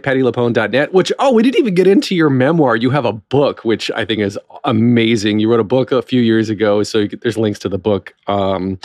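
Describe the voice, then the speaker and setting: A man's voice: medium pitch, dry recording, clean studio sound. A man hosting a theater podcast, talking in a chatty and enthusiastic way. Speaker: podcast host. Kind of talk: casual interview chat.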